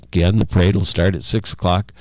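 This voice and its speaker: Older man, low voice, folksy rambling talk, lots of uh and um, dry close sound. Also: fairly even intonation, darkish tone, no echo. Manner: folksy, halting, many fillers, chuckles often. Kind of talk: rambling casual monologue.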